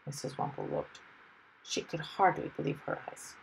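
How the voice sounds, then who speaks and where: A woman reading a children's story aloud in a lively, expressive way. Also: sits low, moderate pace, creaky, a little hiss or hum, rough recording.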